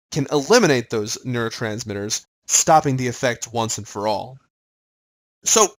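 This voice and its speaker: A man teaching a recorded pharmacology lesson in a casual, chatty manner. His pitch rises and falls in an animated way as he explains the material and puts quick questions to the listener. His voice sits in a middle register. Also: rough recording. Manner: lively, conversational, quizzes the listener. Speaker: lecturer.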